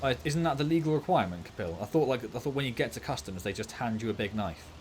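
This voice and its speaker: A man's voice: medium pitch, expressive, fast talker, a little mellow, a little hiss or hum. A man streaming a farming game and chatting casually and jokily, laughing easily. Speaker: gaming streamer. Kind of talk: casual livestream gameplay chat.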